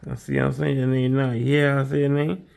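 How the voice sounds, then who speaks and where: A man's voice: mid-range voice, flat delivery, normal speed, creaky, darkish tone. A man streaming from his home kitchen as he bakes, chatting casually with his viewers and rambling, repeating himself often. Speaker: streamer baking on camera.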